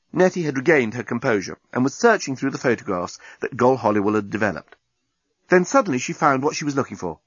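A man narrating a storybook with a lively, expressive reading. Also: medium pitch, fast talker, husky, no echo. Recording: dull lo-fi recording.

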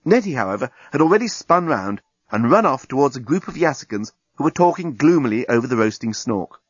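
A man narrating a storybook with a lively, expressive reading. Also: medium pitch, a little fast, breathy edge, no echo. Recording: dull lo-fi recording.

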